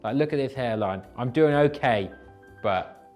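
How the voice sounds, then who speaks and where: A young man hosting a casual, comedic show that reads viewer comments, self-deprecating and given to animated bursts. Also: mid-range voice, unhurried, faint music behind. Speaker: host reading viewer comments.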